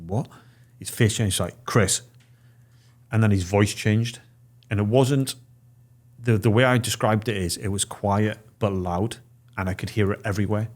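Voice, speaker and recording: A man in his forties with a low voice tells a story in a casual podcast chat. He lays it out step by step and drops into the voices of the people he meets as he quotes them. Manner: vivid storyteller, acting out quoted dialogue. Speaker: podcast guest.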